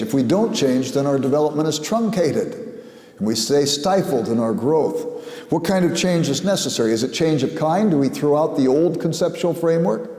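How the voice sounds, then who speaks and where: Older man, academic lecture, measured and reflective, mellow tone, roomy echo. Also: fairly high pitch. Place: lecture hall. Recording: echoey hall.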